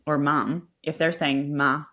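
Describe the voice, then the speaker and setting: Low-voiced woman speech therapist explaining. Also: normal speed, a bit bright. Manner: explanatory, repeats words when restarting. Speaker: speech-language pathologist guest. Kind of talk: expert explaining in a podcast interview.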